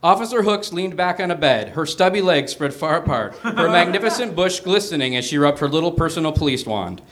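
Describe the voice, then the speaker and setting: A man reading a comic story aloud on a small theater stage before a live audience, with an animated delivery. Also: on the high side, a little fast. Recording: noisy live stage recording.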